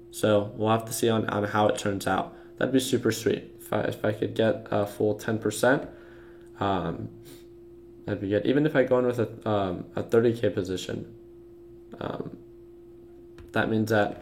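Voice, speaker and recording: Walking live viewers through charts, a young stock trading streamer gives casual market commentary, talking loosely with many fillers and restarts. He has a fairly low, darkish voice, with slight background noise.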